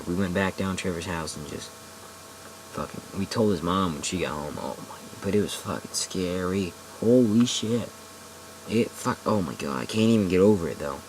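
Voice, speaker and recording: Deep-voiced young man rambling a story. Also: slight background noise, low-quality recording. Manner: rambling, full of "like" and restarts, swears often. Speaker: vlogger. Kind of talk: casual storytelling to camera.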